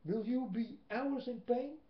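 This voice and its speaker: Man, Dutch accent, webcam sermon, slow and emphatic. Roomy, muffled webcam sound. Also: very high-pitched. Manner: slow, emphatic preaching with long pauses. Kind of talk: religious monologue to webcam. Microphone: built-in webcam mic. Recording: echoey room, dull lo-fi webcam audio.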